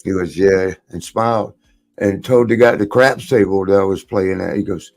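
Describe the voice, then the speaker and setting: A podcast host in his sixties rambles through anecdotes in casual conversation, speaking at a normal speed in a deep, somewhat mellow voice. He laughs often and slips into quoted voices.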